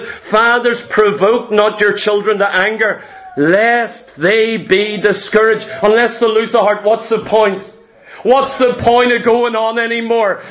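A man's voice: very high-pitched, fairly bright tone. A man preaching a fervent sermon, repeating phrases and calling out to the congregation as saints.

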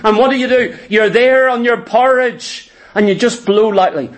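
Preacher, high-pitched man, fervent emphatic sermon delivery. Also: normal speed. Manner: fervent, emphatic, repeats for stress.

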